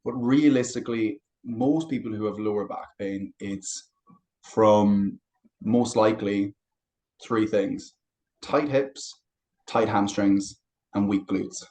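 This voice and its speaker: A young adult man, a fitness coach guest on a podcast, talking casually and telling stories in a relaxed way. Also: lowish voice, slow pace, rough recording. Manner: relaxed storytelling with anecdotes. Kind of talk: casual interview chat.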